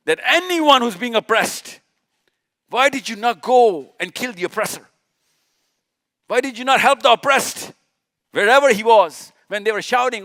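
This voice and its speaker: A man's voice: sits high, animated, normal speed, long pauses, a bit bright. A man from Pakistan, giving an impassioned religious lecture to a live audience, firing off rhetorical questions and repeating his points for emphasis. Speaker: speaker at a live session.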